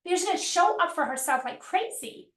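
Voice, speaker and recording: A woman's voice: extremely high pitch, expressive, fairly quick. A woman business coach teaching a live workshop, emphatic and repetitive, acting out pleading voices to make her point. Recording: roomy echo.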